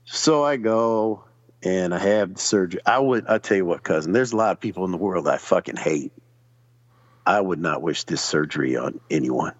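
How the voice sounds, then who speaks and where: Low-voiced, animated man telling a profane story. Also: moderate pace, no echo, lo-fi sound. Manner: profane, animated storyteller acting out other people's lines. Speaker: podcast guest. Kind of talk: casual storytelling.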